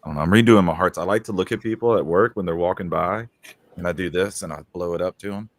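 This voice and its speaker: Low-voiced laid-back man telling stories. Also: quick pace, no room sound. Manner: rambling, laid-back storytelling with many fillers. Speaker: podcast co-host. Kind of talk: casual chat.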